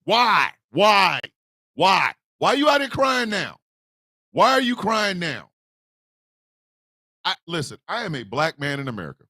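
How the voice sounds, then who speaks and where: A man ranting comedically as a show host, loud and animated with shouted bursts. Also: high-pitched, measured pace, gravelly, pauses often, dry recording, clean studio sound. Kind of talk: comic rant.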